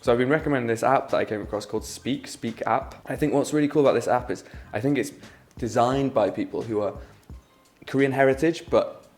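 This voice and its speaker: A man with a British accent co-hosting a casual chat in an office, chatty and quick to laugh. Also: mid-range voice, a little mellow, faint music behind. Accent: British English. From Britain. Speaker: co-host.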